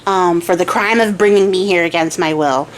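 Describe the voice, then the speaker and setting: A woman voicing a cold, demanding young princess in a casually told folktale, flat and disdainful. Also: on the low side, normal speed, slight background noise, close to an everyday voice, rough recording.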